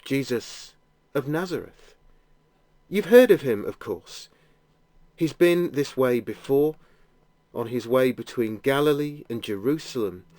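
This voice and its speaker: A man narrating a guided imaginative prayer, telling the scene gently in the second person. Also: mid-range voice, animated, unhurried, long pauses, no echo.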